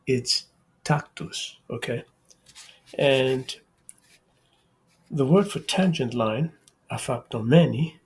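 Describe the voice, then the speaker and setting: Male math channel host, unhurried lecture delivery, gravelly and somewhat husky voice, halting phrasing with frequent "okay?" checks. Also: medium pitch. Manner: slow, halting, repeats words, says "okay?" often.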